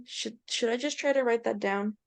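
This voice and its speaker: A woman's voice: fairly high pitch, moderate pace, vocal fry, no echo. A teenage girl, a student in an online tutoring session, talking hesitantly and searching for her words.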